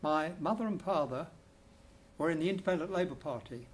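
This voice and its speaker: A man's voice: fairly high pitch, a little fast. An older man from England giving a personal storytelling presentation at a lecture, wry and anecdotal with chatty restarts. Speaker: speaker at a festival talk. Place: lecture room.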